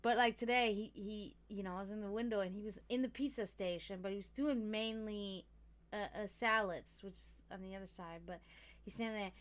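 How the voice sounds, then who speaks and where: Chatty and profane, this livestream host lets her talk wander wherever it goes, cracking up frequently along the way. She speaks a little fast in a steady, medium-pitched voice.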